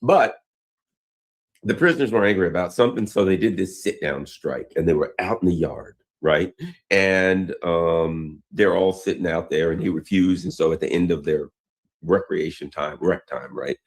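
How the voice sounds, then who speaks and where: A man's voice: low-pitched, normal speed, vocal fry. A man hosting a news commentary show, talking casually and rambling into old stories, with frequent restarts.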